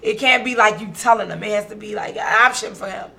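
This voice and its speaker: A woman's voice: mid-range voice, quick pace, creaky. A woman with a Baltimore accent, co-hosting a casual radio talk show, slangy and talking straight to listeners. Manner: lively, slangy, speaks straight to listeners as "y'all".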